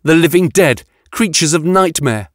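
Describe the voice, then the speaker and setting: A man's voice: fairly high pitch, expressive, normal speed, no echo, clean studio sound, pitched above the performer's own voice, lightly acted. A male audiobook narrator voicing a volatile, scornful woman scientist who screams and snaps harshly. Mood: screaming. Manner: shrieking, harsh, exasperated.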